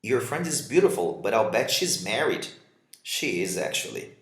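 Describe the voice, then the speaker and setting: A man's voice: on the low side, big pitch swings, moderate pace, echoey room. A man whose first language is Portuguese, teaching English vocabulary, reading example dialogues aloud and explaining them. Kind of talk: vocabulary lesson.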